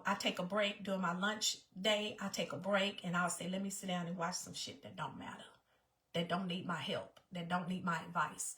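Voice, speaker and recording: A woman's voice: medium pitch, a bit bright. A woman vlogger talking personally to her viewers in an emphatic way, often repeating her phrases. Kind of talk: personal talk to camera.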